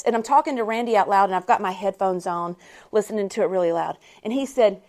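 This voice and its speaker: A woman hosting a podcast, telling a story in a chatty, animated way. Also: medium pitch, moderate pace. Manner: chatty and animated, with frequent laughs. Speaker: podcast host. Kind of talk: casual storytelling monologue.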